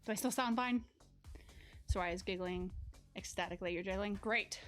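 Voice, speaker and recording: A young woman streams from home on a corded mic, her mid-range voice moving at a normal pace over soft background music. She's a chatty live streamer who reads her chat aloud and lets out yelps as she juggles and works up a sweat.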